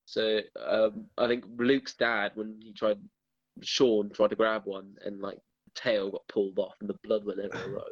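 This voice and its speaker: A man's voice: on the low side, little pitch movement, normal speed, no room sound. A young man telling a story in casual podcast chat, rambling and swearing freely. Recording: dull dry lo-fi audio.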